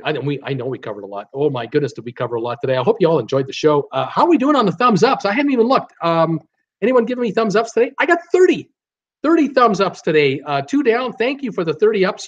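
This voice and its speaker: Brief: lively male live-stream host, somewhat high voice, dull lo-fi sound. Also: quick pace. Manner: animated, reads comments aloud with frequent fillers and laughs. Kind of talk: casual live chat reading viewer comments.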